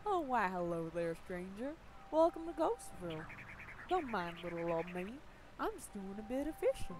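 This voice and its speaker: A woman voicing a friendly old male fisherman from a video game, drawling low and slowly. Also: very animated, noisy background, lightly acted. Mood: welcoming.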